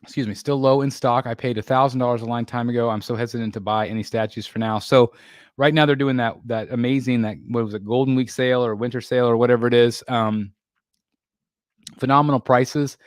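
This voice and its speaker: Speaking a little fast in a mid-range voice with fairly even intonation, a man runs a casual livestream, reading viewers' comments and chatting loosely. He rambles with many fillers and restarts; the studio-quality audio has no room sound.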